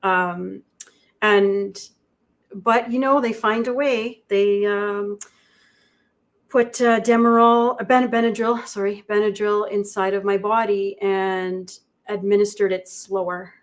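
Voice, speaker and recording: Woman guest, halting and reflective, flat delivery, mid pitch. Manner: halting, reflective, many pauses. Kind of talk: livestream conversation. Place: indoor studio.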